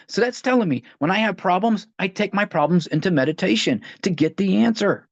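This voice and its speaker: A man with a high-pitched, creaky voice and lively intonation talks briskly with few pauses as he leads a line-by-line recovery book study. He reads passages aloud in a conversational way, often restarting phrases, over dull, dry lo-fi audio with no room sound.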